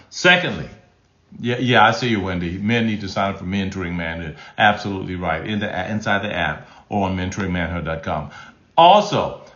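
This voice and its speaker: Emphatic man coaching on a live stream. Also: fairly low pitch. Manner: emphatic, repeats key phrases, frequent restarts. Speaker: relationship coach and host. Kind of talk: live-stream teaching, reading chat comments. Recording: roomy, slightly dull sound.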